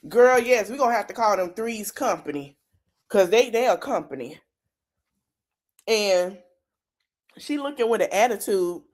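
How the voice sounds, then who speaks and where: A woman's voice: medium pitch, darkish tone. A woman hosting a podcast, giving a chatty, dramatic recap of a reality show and talking straight to her listeners. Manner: chatty, dramatic reactions, talks to viewers directly. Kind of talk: casual recap commentary.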